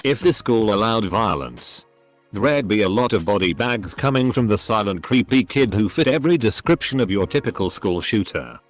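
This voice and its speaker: A man narrating online posts in a steady read-aloud style, as the regular narrator of the channel. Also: on the low side, moderate pace, faint music behind. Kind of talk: scripted narration.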